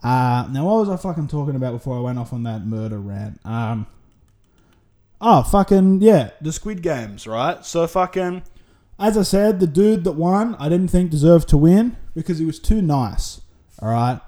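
A man's voice: a little high, very animated, normal speed, warm tone. A man with an Australian accent hosting a solo podcast, rambling through a casual, sweary monologue full of tangents. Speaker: podcast host.

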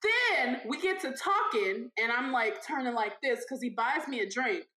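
A young woman co-host tells a dating story in an animated, laughing way. Her voice sits high and swoops widely. It sounds bright and carries a roomy echo. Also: moderate pace. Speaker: podcast co-host. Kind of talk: casual storytelling chat. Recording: echoey room.

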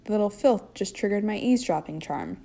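A woman's voice: mid-range voice, lively intonation, fairly quick, mellow. A woman reading a sly, leering older nobleman. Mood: smirking. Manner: smooth and smirking.

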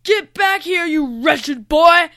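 A woman voicing an evil male black dragon who speaks loudly and slowly with menace. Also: a little high, close to an everyday voice. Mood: menacing.

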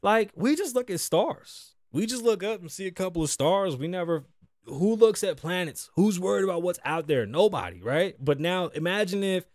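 Animated profane man hosting a podcast. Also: sits high, moderate pace, no echo, clean studio sound. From United States. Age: 30s. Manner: loose, profane, joking rants with big swings. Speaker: podcast host. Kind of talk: casual solo podcast chat.

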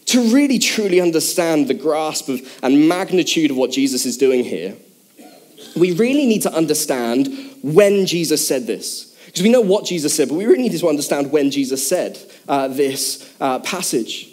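A man's voice: a little high, animated, normal speed, darkish tone. A man preaching a sermon in a casual, chatty way with many fillers, speaking to a congregation in a church hall.

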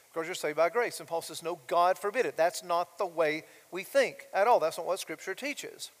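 Emphatic high-voiced male pastor preaching. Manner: emphatic, rhetorical questions to the congregation. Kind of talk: sermon. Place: church sanctuary. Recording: long hall reverb.

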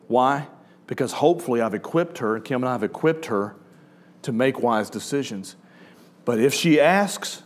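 A middle-aged man preaching a sermon to a congregation, talking in a conversational, storytelling way and asking the audience questions. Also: medium pitch. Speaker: pastor. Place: church before a live congregation.

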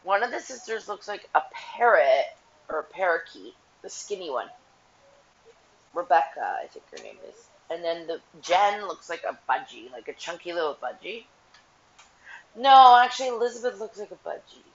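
Brief: woman host, rambling gossip chat at home, lively swinging voice, dull lo-fi recording. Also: on the low side, moderate pace. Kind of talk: casual unscripted chat.

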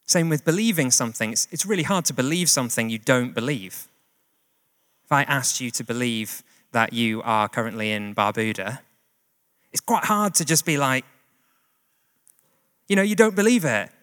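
A man's voice: medium pitch, animated, normal speed, fairly bright tone. A man preaching a sermon in a conversational, plain-spoken way with casual asides. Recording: long hall reverb.

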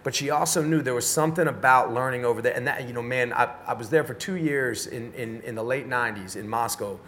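Forceful, animated middle-aged man telling stories. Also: mid-range voice, quick pace, a little hiss or hum. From United States. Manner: animated, profane, street-style slang. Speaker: podcast guest. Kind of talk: casual storytelling interview.

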